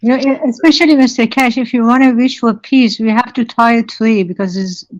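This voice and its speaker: A woman's voice: on the high side, fairly even intonation, a little fast. A woman taking part in an online workshop, eagerly chiming in. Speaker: workshop participant. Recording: distant, dull video call audio.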